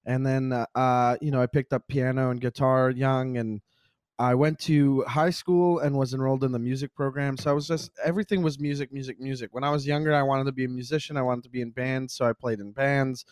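Relaxed comedian man, dry sound. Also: mid-range voice, fairly quick, clean tone, dry recording. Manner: relaxed storyteller who acts out dialogue. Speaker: comedian and music producer, podcast guest. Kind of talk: casual comedic chat.

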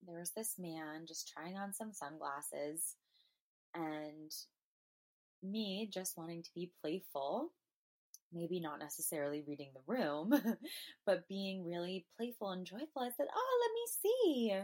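A woman's voice: on the low side, takes it slowly, a little mellow. A woman podcast host talking through a personal experience in an earnest, emotional, meandering way, with many fillers. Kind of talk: personal spiritual monologue.

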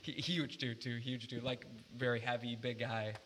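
A man spinning a story in relaxed chat, with an ordinary mid-range voice. He gets animated and swears freely, doubling back and restarting as he talks. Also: mid-range voice, moderate pace, slight background noise.

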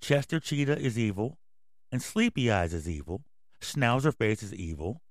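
A male podcast host in full rant, yelling and cursing through every line. His voice sits at an ordinary middle pitch. It is recorded close and dry, with no room sound. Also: expressive, moderate pace, no room sound. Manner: angry, yelling, swearing constantly. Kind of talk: profane ranting commentary.

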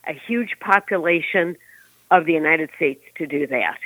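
A man's voice: on the high side, moderate pace, bright, forceful tone, no room sound. A man co-hosting a talk show, giving emphatic opinions in casual chat over a phone line.

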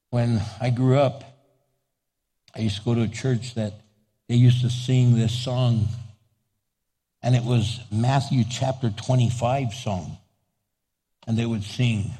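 A man's voice: mid-range voice, warm tone, husky. Playful preacher man in a reverberant hall. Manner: playful, acts out little dialogues, laughs often. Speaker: pastor. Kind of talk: sermon.

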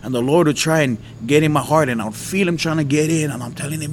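A man from Hawaii telling a lively personal testimony, shouting out parts of the story. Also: fairly high pitch, fairly quick, slight background noise. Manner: animated storyteller, shouts when reenacting. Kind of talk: casual testimony.

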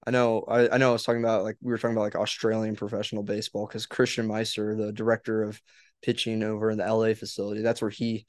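A man's voice: fairly low pitch, completely flat delivery, quick pace, dry recording, studio quality. A man hosting a podcast in casual chat, laid-back, laughing often and swearing freely. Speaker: podcast host.

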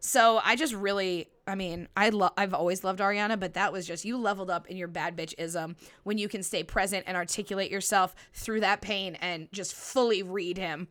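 A woman's voice: medium pitch, fairly even intonation, moderate pace, hardly any pauses, fairly bright tone. A young woman hosting a casual solo podcast, talking bluntly and animatedly, swearing freely and acting out quotes. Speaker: podcast host.

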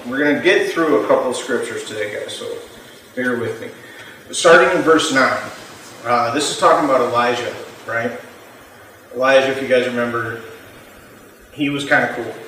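A man's voice: medium pitch, normal speed, pauses often, bright, forceful tone, slight background noise. A man giving a casual sermon to a youth group, talking in a conversational way and often checking in with his listeners. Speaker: youth pastor. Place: church youth room. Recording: very echoey room, mic far off.

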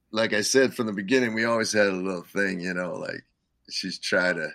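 An older man, a musician guest, telling rambling stories in casual talk, full of "you know" and quick laughs. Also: deep voice, fairly bright tone, no room sound. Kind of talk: casual storytelling.

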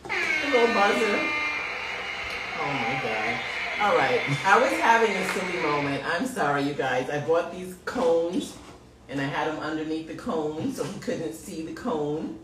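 Playful mom host, lively voice, set back from the mic in a roomy room. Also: female voice, low-pitched, unhurried, far from the mic, noisy background. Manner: giggly and playful, apologetic. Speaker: podcast co-host, mother. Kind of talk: casual chat. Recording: roomy, off-mic with faint ambience.

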